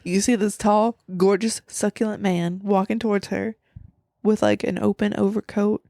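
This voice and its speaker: A young woman podcast host casually recapping a film, animated, acting out quotes and laughing often. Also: medium pitch, normal speed, gravelly, no room sound, studio quality.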